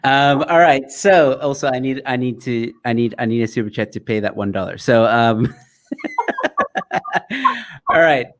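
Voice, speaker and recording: Easygoing South African male host on a webcam call, laid-back pace, lively intonation. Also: medium pitch, unhurried, pauses often. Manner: laughs often, relaxed and easygoing. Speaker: show host. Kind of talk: casual live-stream chat.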